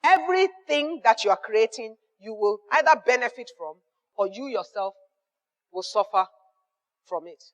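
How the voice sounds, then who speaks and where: High-voiced Nigerian woman giving business advice. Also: animated, normal speed, long reverb tail. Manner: emphatic, repeats key phrases, acts out little dialogues. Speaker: business mentor. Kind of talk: motivational business advice talk.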